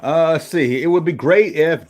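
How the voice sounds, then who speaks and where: A man hosts a casual livestream review with a slightly high voice. He rambles from thought to thought, stopping to read messages from his viewers' chat. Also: normal speed, darkish tone. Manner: rambling, reading chat aloud. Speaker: livestream host.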